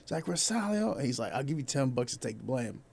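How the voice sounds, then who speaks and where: Playful young man with a gravelly voice. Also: medium pitch, darkish tone. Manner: slangy, playful, quick to laugh. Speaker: podcast host. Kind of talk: casual podcast interview.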